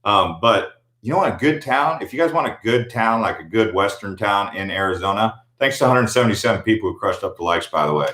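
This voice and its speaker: A man's voice: fairly low pitch, lively intonation, fairly quick, few pauses, bright, forceful tone. An American man hosting a livestream, chatting casually and in a laid-back, slangy way while answering viewer comments. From United States. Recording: echoey room.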